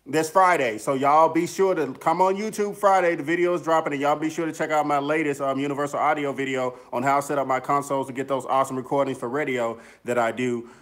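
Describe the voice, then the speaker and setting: A man's voice: a little high, fairly even intonation, quick pace, hardly any pauses. A man casually hosting a livestream, upbeat and chatty, greeting viewers by name and rambling with fillers. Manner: upbeat, chatty, lots of shout-outs and fillers. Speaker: music producer and YouTuber hosting a livestream. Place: home studio in the mountains.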